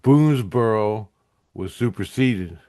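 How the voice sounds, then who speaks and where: A man puts on a steady male priest from a vision, who answers in short, matter-of-fact lines. The voice sits low and is recorded close and dry, with no room sound. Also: slow, no room sound. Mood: calm.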